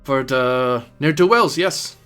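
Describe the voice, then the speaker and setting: A man's voice: medium pitch, animated, unhurried, fairly bright tone, soft background music. A man voicing a jolly, chatty foreign hunter with a put-on accent who ends his remarks with questioning tags. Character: jolly middle-aged foreign male hunter.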